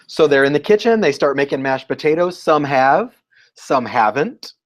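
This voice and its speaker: A man talking as a guest educator in a casual interview, telling lively stories and acting out what people said. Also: fairly high pitch, moderate pace, low-quality recording. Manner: animated storyteller, acts out quotes.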